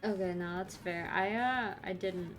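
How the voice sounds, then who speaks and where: A woman's voice: medium pitch, measured pace, soft background music. A woman streamer chatting casually and giggling often, trailing off mid-sentence.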